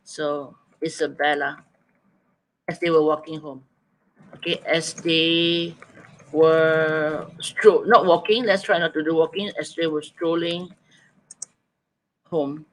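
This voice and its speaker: A man's voice: a little high, steady tone, slow, pauses often, slight background noise, poor audio. Man coaxing an online writing class. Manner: coaxing, thinking aloud, repeating students' answers. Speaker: teacher.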